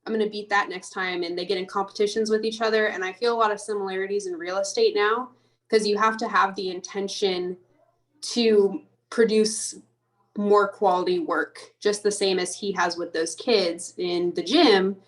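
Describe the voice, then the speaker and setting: A woman's voice: medium pitch, fairly even intonation, moderate pace, rough recording. A young woman, a real estate agent, earnestly answering a coach's questions on a group call.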